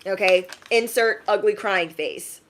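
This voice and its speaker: A woman giving a casual, emphatic live-stream reading, chatty and quick to laugh. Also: medium pitch, noisy background. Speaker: tarot reader.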